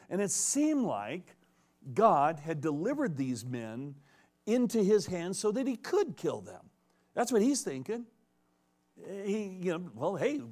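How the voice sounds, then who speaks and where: Chatty guy preaching, jokes around, voice goes up and down a lot. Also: a little high. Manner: animated, joking, conversational. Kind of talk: expository sermon.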